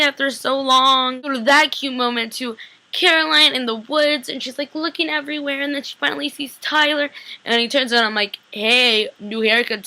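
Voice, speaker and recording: A young woman casually recapping a TV episode, bubbly and chatty, acting out the characters' lines in quick asides. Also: sits high, sharp tone.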